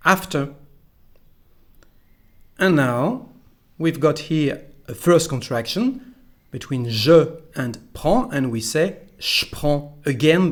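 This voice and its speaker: A man with a French accent, a native French speaker, teaching a pronunciation lesson slowly and carefully, repeating each phrase for the learner. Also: a little high.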